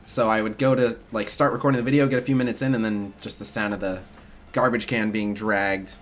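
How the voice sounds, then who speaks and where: A man's voice: fairly low pitch, level tone, brisk. A young man streaming a mobile game, chatting casually with his viewers in a rambling way full of "like" and "uh" fillers. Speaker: streamer answering chat. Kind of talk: casual livestream chat about a mobile game.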